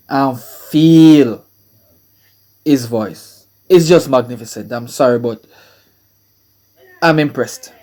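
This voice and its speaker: A man's voice: a little high, a little mellow. A Jamaican man hosting a music reaction video, talking in awed bursts and repeating himself. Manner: slow, awed, repeats words, breaks into exclamations.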